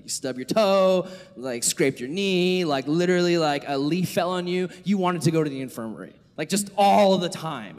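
A young man preaching to a youth group, telling a story with animated delivery and casual filler words. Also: on the high side. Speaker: youth pastor. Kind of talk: sermon to youth. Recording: echoey hall reverb.

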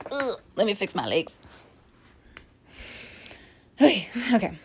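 Slow-talking chatty woman reading tarot. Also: medium pitch, slight background noise. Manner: chatty, animated, laughs often. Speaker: tarot reader. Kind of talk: casual spoken tarot reading.

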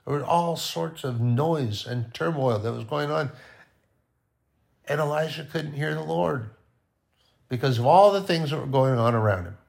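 A man giving an informal, conversational sermon, often dropping to a quiet voice. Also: fairly high pitch, animated, moderate pace, vocal fry. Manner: conversational, with sudden soft drops to near-quiet. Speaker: preacher.

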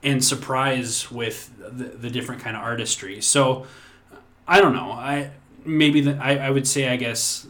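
A man's voice: medium pitch, fairly even intonation, a little slow, sharp tone. A man in his thirties co-hosting a podcast, talking casually in a rambling way with restarts and frequent swearing. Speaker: podcast co-host.

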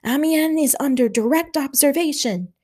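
A woman's voice: high-pitched, moderate pace, dark tone, pitched above the performer's own voice, natural voice. A woman voicing a grave male army officer who bellows urgently over the noise of battle. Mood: urgent shouting.

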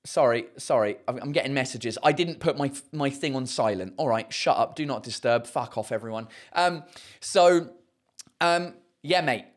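A man's voice: medium pitch, moderate pace. A man hosting a live podcast from his garden shed, chatting casually and swearing freely, with plenty of fillers. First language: English. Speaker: podcast host. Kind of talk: casual live-stream chat.

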